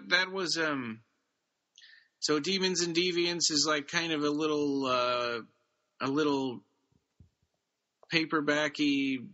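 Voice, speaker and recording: A man's voice: on the high side, bright, forceful tone, muffled recording. A man co-hosting a podcast, casually retelling a short story with plenty of ums and restarts. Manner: retells stories loosely, with many fillers. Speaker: podcast co-host. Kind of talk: casual chat about books.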